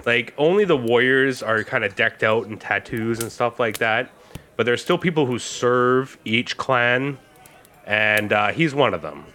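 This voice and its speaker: A man's voice: mid-range voice, animated, measured pace, bright, forceful tone. A man narrating as game master in a casual, rambling way with many fillers.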